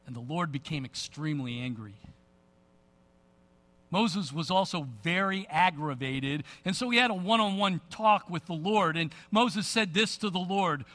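Man preaching, high bright voice, animated storytelling, long hall reverb. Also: moderate pace. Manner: animated storytelling, casual asides. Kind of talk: sermon.

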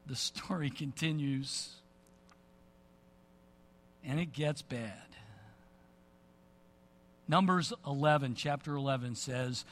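A man preaching a sermon, retelling scripture in an animated storytelling way with casual asides. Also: mid-range voice, slow, long pauses, slight background noise. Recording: long reverb of a big hall.

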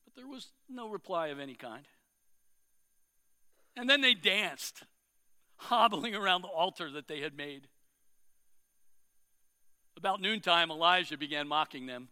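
A man's voice: high-pitched, lively intonation, unhurried, pauses often, bright, forceful tone, smooth, big-room sound. A man preaching, retelling a scripture story dramatically with swelling emphasis.

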